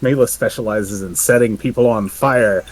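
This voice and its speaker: A man's voice: on the low side, moderate pace, rough recording. Casual man chatting at a game table. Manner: casual, giggly player talk. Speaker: player.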